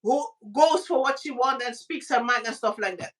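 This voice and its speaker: Animated high-voiced Caribbean woman storyteller. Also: moderate pace, recorded from a distance. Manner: animated storytelling, acts out voices with high squeaky pitch jumps. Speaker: podcast co-host. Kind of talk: casual chat.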